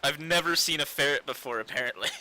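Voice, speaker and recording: A man's voice: fairly high pitch, fairly quick, bright, forceful tone, low-quality recording. A man playing a tabletop game, joking and laughing as he talks. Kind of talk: casual game chat.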